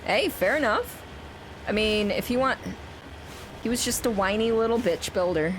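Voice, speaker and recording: A woman's voice: fairly high pitch, normal speed, noisy background. A woman streaming a game, chatting casually with viewers, rambling with frequent restarts. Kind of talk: casual chat while playing and reading chat aloud.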